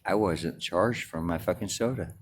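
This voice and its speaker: A man's voice: low-pitched, moderate pace, slightly rough. Crude, swearing man ranting defiantly. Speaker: vlogger. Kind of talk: profane storytelling rant.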